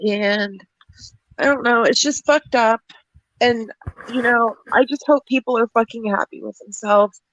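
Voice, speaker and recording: Livestream guest, woman, somewhat high pitch, dry close sound, angry profane venting. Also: unhurried, a bit bright, no echo, rough recording. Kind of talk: upset livestream chat.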